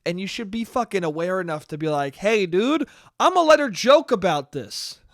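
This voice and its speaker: A man's voice: sits high, fairly bright tone, dry recording, studio quality. A young man hosting a solo podcast, ranting casually with exasperation and plenty of profanity. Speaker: podcast host.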